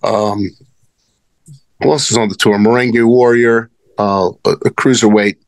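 A man's voice: on the low side, steady tone, unhurried, no echo. A man telling rambling, profane stories as a wrestling guest in casual conversation. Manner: rambling, profane, many restarts. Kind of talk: casual storytelling.

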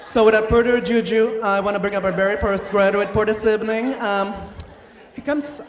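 A man playing a bossy, proud Filipina woman English teacher with a Filipino accent and clipped broken English, loud and scolding, on a comedy stage. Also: high voice, fairly even intonation, normal speed, a little hiss or hum, lightly acted. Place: comedy stage before a live crowd. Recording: echoey live stage, loud audience laughter.

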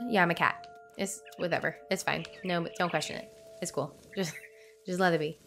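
A woman's voice: on the low side, fairly even intonation, normal speed, vocal fry, fairly bright tone, faint music behind. A young woman streamer reacting playfully while playing a story game, slipping into silly voices. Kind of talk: let's play commentary.

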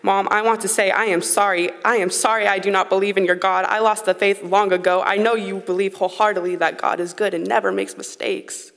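On a concert hall stage thick with long reverb, a late-teen high school slam poet delivers a spoken word poem earnestly and with raw emotion. She speaks briskly at medium pitch, with a steady, slightly bright tone and hardly any pauses.

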